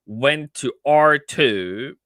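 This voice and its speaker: A man trader on a live stream, chatting casually about his trades with animated repeats, asides and laughs. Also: medium pitch, very slow, dry recording.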